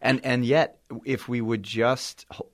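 A man's voice: mid-range voice, level tone, a little slow, dry recording, studio quality. A man talking as a guest on a radio show, earnest and thoughtful, often restarting his sentences. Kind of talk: casual radio conversation.

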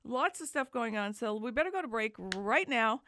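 A woman's voice: a little high, expressive, normal speed, sharp tone, a little hiss or hum. Chatty woman radio host. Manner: chatty, upbeat. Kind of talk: radio talk show.

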